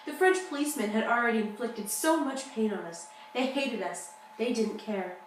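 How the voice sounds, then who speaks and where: A young woman playing a grieving mother who survived a wartime roundup, telling it in a solemn, measured way. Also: on the high side, lively intonation, a little hiss or hum, lightly acted. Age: young adult. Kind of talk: school-project talk-show role-play. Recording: echoey room, distant mic.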